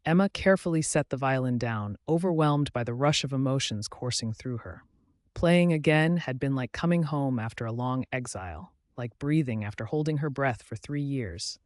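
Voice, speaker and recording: Measured male storyteller, dry close sound. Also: medium pitch, expressive, dry recording. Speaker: narrator. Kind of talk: scripted story narration.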